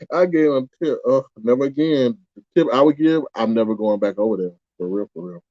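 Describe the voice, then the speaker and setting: A man's voice: mid-range voice, a little fast, no room sound. Indignant, rambling man, dull and muffled. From United States. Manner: animated and exclaiming, with indignant rhetorical questions. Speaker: livestream host reading chat. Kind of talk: casual rambling livestream chat.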